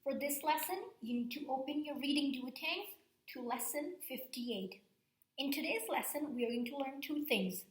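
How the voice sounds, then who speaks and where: A woman teacher giving a recorded reading lesson to fourth graders, explaining step by step and checking in with "okay?". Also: high-pitched. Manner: slow, patient, explaining step by step with frequent "okay?". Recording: echoey room sound.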